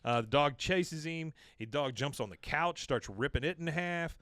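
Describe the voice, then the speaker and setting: A man hosting a podcast, casually recapping an episode with animated storytelling and quick asides. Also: fairly high pitch, no room sound, studio quality. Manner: animated storytelling, acting out quotes. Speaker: podcast host.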